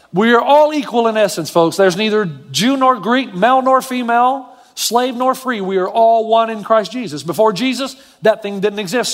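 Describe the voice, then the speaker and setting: A pastor with a high, light voice preaches with animation, sinking low and quiet before climbing high to drive a point home. A long reverb trails his words, as though he stands in a large hall.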